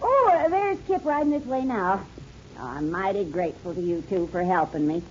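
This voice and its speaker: A woman's voice: medium pitch, animated, normal speed, a little hiss or hum, natural voice. An actress playing a firm, protective middle-aged ranch mother with a folksy western drawl, in a 1950s radio drama. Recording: dull lo-fi old radio broadcast.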